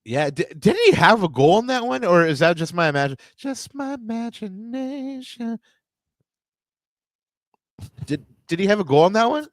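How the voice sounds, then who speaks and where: A man's voice: high-pitched, animated, fast, hardly any pauses, no room sound. A man co-hosting a sports podcast in casual chat, reading out stats with frequent fillers and restarts. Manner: conversational, many fillers and restarts. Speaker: podcast co-host.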